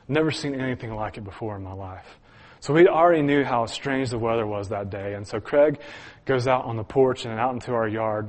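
A man tells a personal story from the pulpit. He speaks earnestly at a mid-range pitch, breaking into small chuckles and restarting his sentences as he goes. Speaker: pastor. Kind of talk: sermon storytelling.

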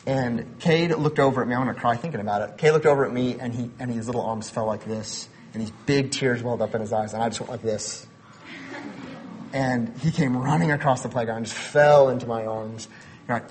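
A man's voice: medium pitch, a little fast, slight background noise. A man in his thirties giving a sermon as a pastor, conversational, mixing personal stories with building emphasis.

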